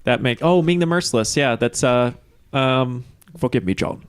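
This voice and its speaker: A man's voice: medium pitch, normal speed, smooth, no echo. A man hosting a casual trivia podcast who jokes around and fills his talk with hesitations. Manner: joking, full of "uh" fillers. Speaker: podcast host.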